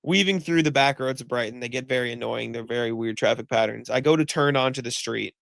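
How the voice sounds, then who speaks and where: A man's voice: medium pitch, fast talker, vocal fry, fairly bright tone, no room sound. A man co-hosting a podcast, telling a rambling story with lots of "like" fillers and swearing, sounding exasperated. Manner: exasperated ranting. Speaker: podcast co-host. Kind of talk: casual chat.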